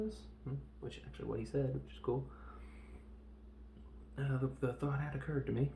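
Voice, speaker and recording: A man with a dark, gravelly voice retells a film scene by scene in a loose, rambling podcast recap. He acts out the characters' lines and adds sound effects as he goes. The recording is roomy and echoey, with a faint hiss of noise behind him. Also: mid-range voice, little pitch movement, normal speed. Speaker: podcast host reviewing films. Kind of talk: casual movie recap.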